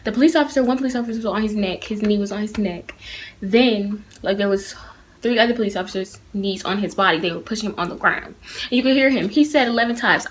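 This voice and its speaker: A woman's voice: medium pitch, fast talker, slightly rough. Earnest teen girl. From Atlanta, United States. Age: teenager. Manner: earnest and heated, talking straight to viewers. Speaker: vlogger. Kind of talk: casual opinion vlog. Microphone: phone camera.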